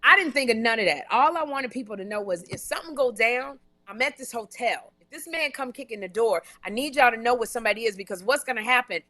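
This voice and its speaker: Bright, animated woman host telling a story. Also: fairly high pitch, no echo. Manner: animated, emphatic, repeats herself. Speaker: talk show host and comedian. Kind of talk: casual live-stream storytelling. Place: hotel room.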